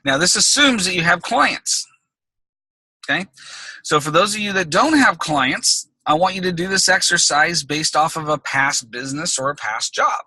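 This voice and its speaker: A man's voice: high-pitched, expressive, moderate pace, bright, forceful tone, husky, dry recording, low-quality recording. A man coaching business owners on a group call, talking in an emphatic, conversational way and checking in with "okay?" between points. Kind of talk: recorded group call teaching.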